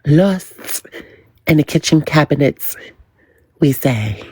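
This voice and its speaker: A woman hosts her own livestream of gossip commentary, speaking in a dramatic, drawn-out way and repeating words in a teasing sing-song. Her voice is on the low side and very animated, with no echo.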